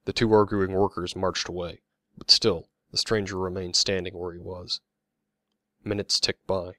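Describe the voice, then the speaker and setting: A man reading his own novel aloud as an audiobook, in an even, measured storytelling voice. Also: deep voice, no echo, clean studio sound. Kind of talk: audiobook narration.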